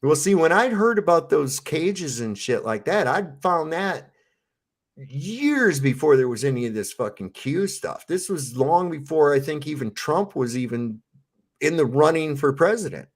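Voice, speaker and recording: A man's voice: a little high, very animated, unhurried. A man telling a long, rambling story in a casual panel chat, swearing freely.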